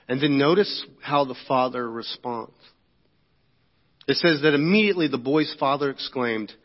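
A male pastor gives a conversational sermon in a church sanctuary, pausing to check in with the congregation often. He has a medium-pitched voice and a moderate pace. The sound is echoey and dull, typical of a lo-fi church hall recording.

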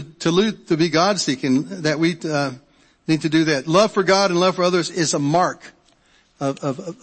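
A middle-aged male pastor preaching a sermon in a conversational way, often repeating words and checking in with the congregation. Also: fairly high pitch. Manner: conversational, repeats words and restarts, asks the audience. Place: church sanctuary. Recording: long hall reverb.

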